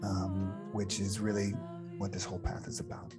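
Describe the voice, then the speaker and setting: A man teaching a spiritual meditation workshop, talking in an unhurried, earnest way with frequent fillers and restarts. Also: low voice, completely flat delivery, loud music behind the voice. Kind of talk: reflective spiritual workshop talk.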